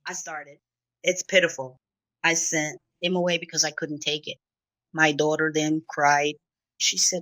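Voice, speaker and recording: A woman's voice: low voice, level tone, a little slow, fairly bright tone, no room sound, poor audio. A middle-aged woman from Brazil, a guest in an interview, telling her own story emotionally. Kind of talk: confessional interview talk.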